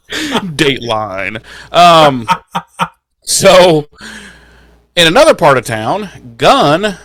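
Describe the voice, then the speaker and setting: A man's voice: medium pitch, fairly bright tone, dry recording. A man co-hosting a podcast, recapping an episode in casual, profane, joking chat and acting out lines in silly voices. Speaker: podcast co-host.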